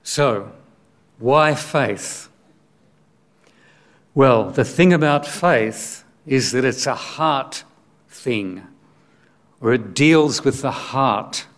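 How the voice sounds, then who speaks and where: Male preacher, unhurried sermon delivery, measured and questioning. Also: medium pitch, lively intonation. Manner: slow, deliberate, with rhetorical questions.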